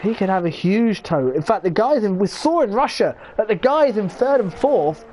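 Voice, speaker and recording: An English man commentating live on an online sim racing league, chatty and excitable, often correcting himself. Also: high-pitched, moderate pace, a little hiss or hum. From England. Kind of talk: live esports race commentary.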